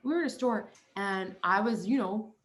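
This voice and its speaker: An animated young woman speaks as a guest on a casual podcast, mid-pitched and emphatic. She leans hard on her points and acts out the people she quotes in her own voice. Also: normal speed.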